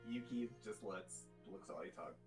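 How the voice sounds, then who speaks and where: A man's voice: on the low side, steady tone, moderate pace, over music, low-quality recording. A man playing a tabletop game casually, thinking aloud as he counts his dice rolls. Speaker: player.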